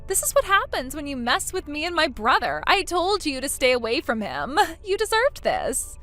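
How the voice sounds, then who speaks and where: A petty young sister-in-law with a high, swooping voice, as a woman acts her out. She talks in a mocking, whiny way over faint background music. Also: very animated, moderate pace, bright, forceful tone, full character voice. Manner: mocking, pleading by turns. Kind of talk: texting story voice acting.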